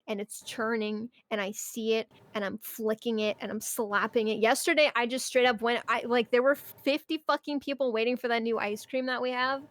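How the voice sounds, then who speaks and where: A woman's voice: fairly high pitch, fairly even intonation, normal speed, hardly any pauses, dry recording. A young woman streamer chatting casually and ranting about her job, swearing often and breaking into mock outbursts. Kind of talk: casual chat.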